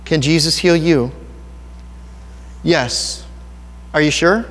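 Pastor, male, higher-pitched voice, earnest and conversational, church hall with a long echo. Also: takes it slowly, a bit bright. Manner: earnest, personal and conversational, with rhetorical questions. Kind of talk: sermon.

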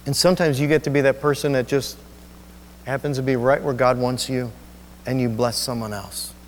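A male pastor preaching a sermon, telling a personal story in an emotional, halting way with many restarts. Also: medium pitch, steady tone, big-room sound, a little hiss or hum. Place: church sanctuary.

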